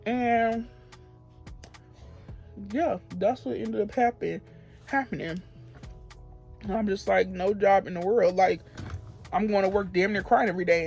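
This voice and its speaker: A woman's voice: medium pitch, darkish tone, husky. Heated young woman venting a work story. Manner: heated, emphatic venting with repeated phrases. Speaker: beauty vlogger. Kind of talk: get-ready-with-me storytime.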